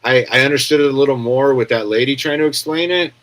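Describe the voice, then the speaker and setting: An American man in a casual home live stream, riffing on the news with a rambling, sarcastic edge. His voice sits at an ordinary middle pitch, and he often stops to read out viewer comments. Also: fast, a bit bright, rough recording. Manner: rambling, sarcastic, reads chat comments aloud.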